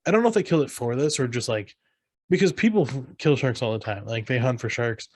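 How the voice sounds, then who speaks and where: A man's voice: mid-range voice, expressive, fast, a little mellow, dry recording. A man co-hosting a podcast, casually retelling a film scene by scene and acting out lines in raised voices. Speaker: podcast co-host. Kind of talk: casual movie recap chat.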